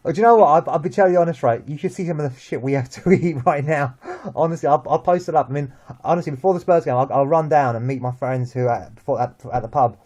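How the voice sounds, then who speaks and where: A young man with a London accent, chatting about football as host, lively and full of restarts and repeated words. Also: on the high side, fast talker, highs cut off. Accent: London English. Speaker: vlog host. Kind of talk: casual football chat.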